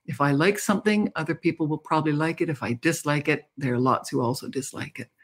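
Older woman, husky storyteller. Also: deep voice, fast talker. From Canada. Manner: reflective, candid storytelling with laughs. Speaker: guest author. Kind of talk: interview conversation.

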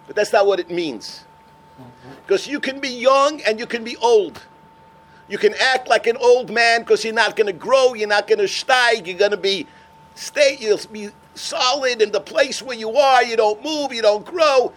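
An older man, a rabbi, telling stories in a sermon, swinging from shouts to hushed words. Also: very high voice, moderate pace. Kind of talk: sermon storytelling.

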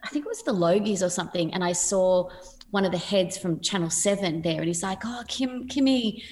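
A woman's voice: on the low side, fairly quick, darkish tone. A woman in her forties, a podcast guest, telling stories in a chatty way, laughing and acting out voices. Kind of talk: casual interview storytelling.

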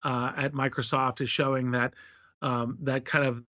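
A man's voice: medium pitch, flat delivery, normal speed, bright, forceful tone, dry recording. A man answering an interviewer's questions at length, expansive and talking in running lists and acted-out examples. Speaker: guest, tech investor. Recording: dull, slightly lo-fi dry sound.

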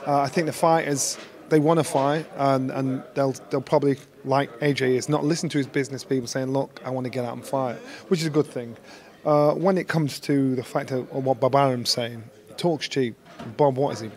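A man giving blunt, animated opinions on boxing in a casual podcast chat. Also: mid-range voice, normal speed. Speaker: boxing pundit.

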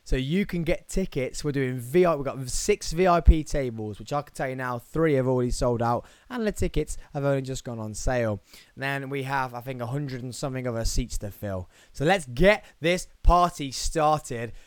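A man from England with a Birmingham accent hosts a solo podcast, talking in an energetic, playful way with jokey asides. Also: medium pitch, normal speed, no echo. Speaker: podcast host.

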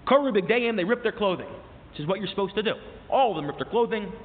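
A high-pitched man lectures to a class, telling a story with animated, climbing emphasis. He stops often to quote and translate old sources. His voice sounds thin and phone-like, with a long reverb tail as if in a big hall. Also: quick pace. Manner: mixes in quoted source phrases and restarts. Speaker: teacher.

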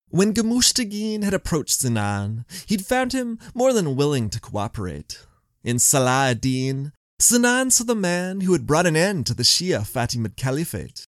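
Lively male history podcast narrator. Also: medium pitch, dry recording, studio quality. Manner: animated storytelling with wry asides.

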